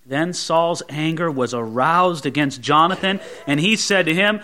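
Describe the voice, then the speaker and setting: A man's voice: a little high, unhurried, few pauses, sharp tone. A man preaching a Bible sermon as a pastor, often putting rhetorical questions to his listeners.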